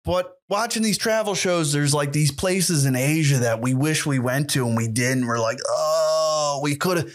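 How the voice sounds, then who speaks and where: A man's voice: fairly high pitch, normal speed, few pauses. A man hosting a solo podcast who rants in a rambling, profane and sarcastic way. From United States. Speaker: podcast host. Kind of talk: casual solo rant.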